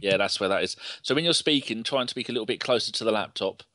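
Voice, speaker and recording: A man's voice: lowish voice, fast talker, a little hiss or hum. A man hosting a casual football podcast call, swearing, laughing and telling stories. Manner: sweary, laughing, animated storyteller. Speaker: podcast host.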